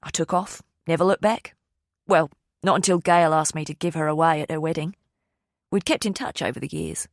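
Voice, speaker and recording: Nervous middle-aged man, low and subdued, voiced by a female narrator, dry close audio. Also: fairly even intonation, normal speed, gravelly, no echo.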